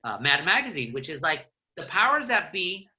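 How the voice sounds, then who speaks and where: Bright, animated man telling stories. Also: fairly high pitch. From Southern California. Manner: animated, rapid storytelling with restarts. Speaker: podcast guest, journalist. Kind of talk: casual interview chat.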